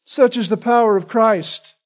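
A man's voice: high voice, measured pace. A man preaching a sermon in an earnest, emphatic way, often checking in with "right?". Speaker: pastor.

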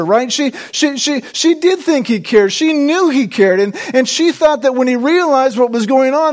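A man preaching a sermon, emphatic, often checking in with his listeners with a quick "right?" and restarting words as he presses a point. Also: extremely high pitch.

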